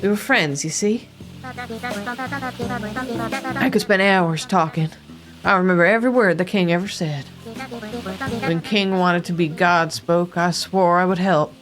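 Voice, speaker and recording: A woman's voice: lowish voice, a little slow, pauses often, music in the background, natural voice. A woman voicing a hot-tempered, grieving cowgirl painter in a wobbly put-on accent sprinkled with Spanish words.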